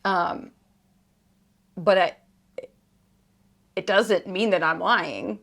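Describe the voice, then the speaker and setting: Earnest woman podcast host, lowish voice. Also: very slow, vocal fry, fairly bright tone. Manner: candid, earnest, conversational with frequent fillers and restarts; grows emphatic and exasperated in places. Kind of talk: personal podcast talk.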